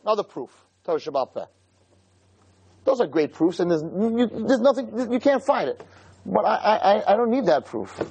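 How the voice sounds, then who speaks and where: A man giving a Torah lecture, telling stories and preaching in an animated way with many rhetorical questions. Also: sits high, moderate pace, slightly rough, muffled recording.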